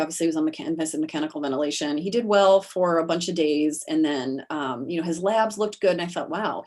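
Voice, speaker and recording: A woman telling her own story as an interview guest on a video call, halting, with many fillers and restarts. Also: low voice, a little mellow. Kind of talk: personal account in an interview.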